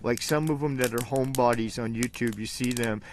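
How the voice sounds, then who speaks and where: A man's voice: mid-range voice, a little fast. A man hosting a casual live stream outdoors at night, chatting loosely with viewers and coaxing his dogs. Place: outdoors by a campfire on a mountainside at night. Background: crackling fire, dogs.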